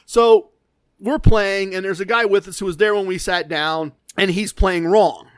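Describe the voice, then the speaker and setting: Male podcast host, casual storyteller, animated, self-deprecating, high voice, dry close sound. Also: measured pace, smooth, no echo.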